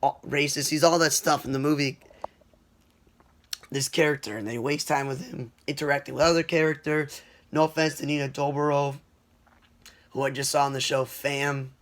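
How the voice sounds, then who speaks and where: A man talks through his week of movies in a loose, offhand way, circling back and restarting his sentences. His voice sits a touch higher than most men's. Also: fairly even intonation, moderate pace, long pauses, a bit bright. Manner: rambling, offhand, with many fillers and restarts. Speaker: movie reviewer. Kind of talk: casual spoken movie review.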